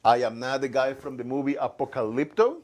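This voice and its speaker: Speaking in a steady, darkish mid-range voice, a male comedian guest of Latino background chats about his career and then performs stand-up. He stumbles along haltingly, restarting often and leaning on fillers.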